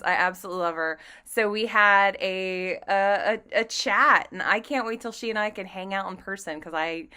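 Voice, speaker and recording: A woman's voice: mid-range voice, sharp tone. A woman in her thirties hosting her own podcast, chatting casually and playfully in a bubbly, talkative way. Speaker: podcast host. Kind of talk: casual solo podcast chat.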